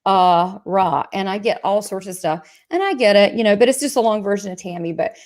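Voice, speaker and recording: A woman with a Southern US accent hosting a live chat show, chatty and excitable, joking about herself and talking fast through asides. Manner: chatty, excitable, self-mocking, sales pitch asides. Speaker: medium and show host.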